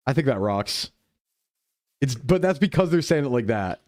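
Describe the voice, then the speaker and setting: A young man chatting casually while streaming a game, playful and quick to drop into goofy voices. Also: mid-range voice, big pitch swings, darkish tone, no room sound, studio quality. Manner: playful, jumps into goofy voices and dub impressions. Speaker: VTuber streamer. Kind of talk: casual gaming chat.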